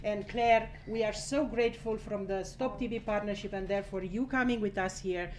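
A woman's voice: medium pitch, steady tone, normal speed, darkish tone, a little hiss or hum. A woman giving an impassioned, blunt address at a press conference, swearing freely and laughing between her points.

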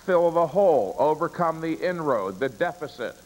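A man's voice: a little high, expressive, moderate pace, a little mellow, soft background music. A man giving a live seminar lecture, emphatic, stressing key words and answering his own rhetorical questions. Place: seminar room with an audience. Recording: reverberant room, long echo.

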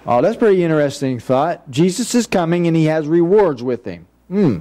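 Man, pastor, sermon, folksy and chatty, high voice. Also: animated, moderate pace, dark tone. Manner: folksy, conversational, with frequent restarts and asides. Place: church.

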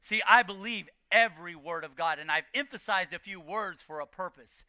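High-voiced preaching pastor, sharp tone. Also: male voice, normal speed, clean tone, no room sound, studio quality. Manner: preaching with rising, shouted emphasis and repeated lines. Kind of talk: sermon. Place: church.

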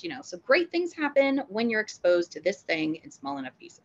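A woman's voice: lowish voice, big pitch swings, normal speed, few pauses, lo-fi sound. Upbeat woman giving a dog-training lecture. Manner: upbeat and playful, acts out dog reactions. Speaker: dog trainer and veterinary behavior technician.

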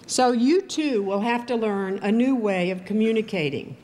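An older woman from Texas giving a commencement speech, telling stories in a measured, wry way. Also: medium pitch, expressive, a little mellow, slight background noise. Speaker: commencement speaker. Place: ceremony venue with audience.

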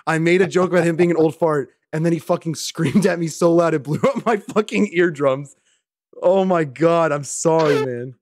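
A young man doing casual gameplay commentary, loud and profane and often laughing, on a home microphone that peaks. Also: on the high side, moderate pace, dry recording, clean studio sound. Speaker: gaming streamer.

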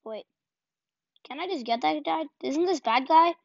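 High-voiced excitable woman gaming, dry lo-fi sound. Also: a little slow, creaky, dry recording. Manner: excitable, self-deprecating, yelps and repeats words in bursts. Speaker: gaming channel host. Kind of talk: casual gameplay commentary. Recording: dull lo-fi home recording.

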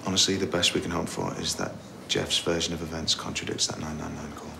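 An actor playing a cautious police officer in a TV soap drama, measured and careful. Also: male voice, a bass voice, steady tone, gravelly, full character voice. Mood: calm. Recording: TV drama with background noise.

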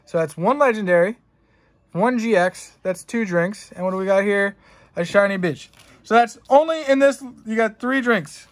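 In a high-pitched voice at normal speed, a young man unboxes trading cards on a casual stream. He rambles to chat, joking and swearing plenty.

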